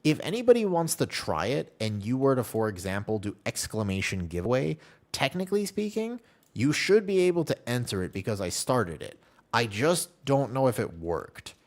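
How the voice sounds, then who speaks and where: Lively rambling male streamer. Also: medium pitch, normal speed. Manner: rambling, self-deprecating storytelling; reads chat messages aloud and answers them. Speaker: game streamer. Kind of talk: casual live-stream chat.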